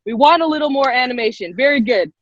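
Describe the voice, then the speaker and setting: A woman leading an online public speaking workshop on a video call, lively and quick-talking, encouraging the participants. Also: sits high, no echo. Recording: dull lo-fi video call audio.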